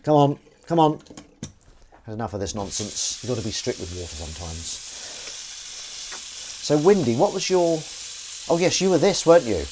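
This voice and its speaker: A man live-streams while washing dishes at his kitchen sink, rambling wryly and chatting casually with his viewers as he works. His voice sits at a medium pitch with big swings, a darkish tone, and a moderate pace broken by frequent pauses. There's slight background noise.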